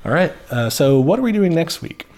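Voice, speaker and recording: A man's voice: a little high, sing-song, fairly quick, a little mellow. A man co-hosting a podcast in casual chat, easygoing and hedging his points with fillers. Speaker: podcast co-host.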